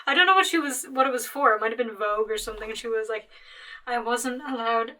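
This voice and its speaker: A young woman guest on a casual podcast, her voice bright and slightly higher than average. She speaks playfully, teasing and hedging with filler words and little backtracks. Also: animated, rapid-fire.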